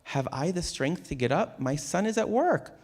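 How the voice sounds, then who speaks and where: A man's voice: animated, normal speed, darkish tone, husky. A man reading aloud and voicing a poor, sick old widow who pleads and complains. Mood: weak. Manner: high, plaintive pleading.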